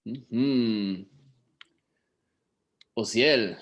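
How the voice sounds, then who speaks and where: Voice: mid-range voice, very slow, highs cut off. An English teacher running an online class over a video call, who draws out key words for emphasis and switches into Spanish to explain.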